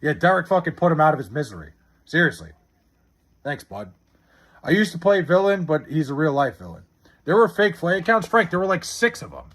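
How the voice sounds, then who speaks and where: A man's voice: on the high side, sing-song, brisk, a bit bright. A man casually chatting on a live stream, reading chat messages and answering with profane, sarcastic banter.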